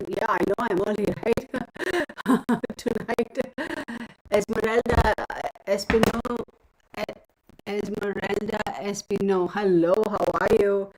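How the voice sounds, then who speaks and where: A woman's voice: mid-range voice, noisy background. A woman hosting a casual live stream from home on a phone, chatty and muttering to herself as she sets things up. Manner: chatty, mutters to herself while fiddling with setup. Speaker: livestream host.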